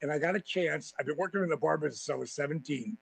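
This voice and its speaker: A man as a podcast guest telling profane, animated stories and acting out quotes. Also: fairly high pitch, rapid-fire, gravelly, slightly rough, no echo, low-quality recording. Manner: animated, swearing freely, acts out quotes. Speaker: podcast guest, former wrestling champion. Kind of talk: profane storytelling in a podcast interview.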